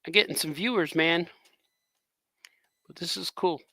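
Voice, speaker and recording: A man's voice: a little high, unhurried, pushed and bright, no room sound. A man chatting in a rambling way while drawing on a live stream as a cartoonist host.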